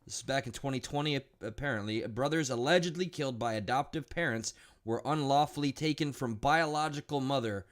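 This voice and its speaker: A man's voice: mid-range voice, a little fast. List: man, live commentary, blunt, indignant, restarts often. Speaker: live stream host.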